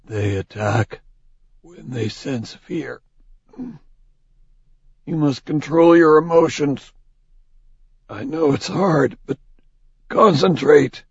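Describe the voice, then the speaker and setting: Man voicing a husky chained prisoner, hushed. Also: fairly high pitch, no echo, pitched above the performer's own voice, full character voice. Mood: soothing. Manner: hushed, soothing, measured. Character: chained wounded man, calm and protective. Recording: dull lo-fi recording.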